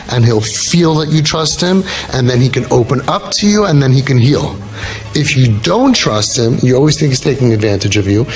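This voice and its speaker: A middle-aged man giving a casual talk on parenting, telling stories in an animated way and repeating key lines for emphasis. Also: mid-range voice, slight background noise. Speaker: speaker on parenting and youth work.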